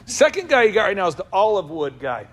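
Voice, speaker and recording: A man hosting a business talk show, joking and firing quick questions at the people in the room. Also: sits high. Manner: animated, jokey, quick asides to the room. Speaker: business coach and show host. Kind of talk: lively talk to a live room.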